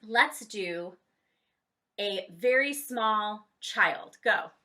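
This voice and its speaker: Bright, lively woman teaching kids drama. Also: extremely slow. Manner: encouraging, cueing exercises with "ready, set, go"; demonstrates high, low and silly voices. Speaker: children's theater teacher. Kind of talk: online drama lesson for kids.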